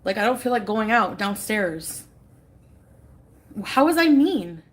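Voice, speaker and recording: A woman's voice: mid-range voice, very animated, slow. A tired, unwell woman talking on a livestream, defensive and irritated, swearing often. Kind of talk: casual livestream chat.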